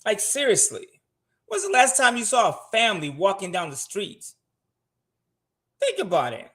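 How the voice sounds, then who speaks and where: A man's voice: high-pitched, wildly swooping pitch, normal speed, pushed and bright. A man talking frankly in casual livestream style, swearing freely and answering viewer comments from his home. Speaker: guest on a finance show. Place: home room.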